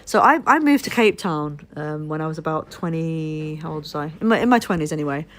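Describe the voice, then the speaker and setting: A woman's voice: sits low, animated, brisk, a bit bright, a little hiss or hum. A woman from Liverpool live streaming, telling a rambling story in casual chat, swearing freely and breaking off to thank followers. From Liverpool, England.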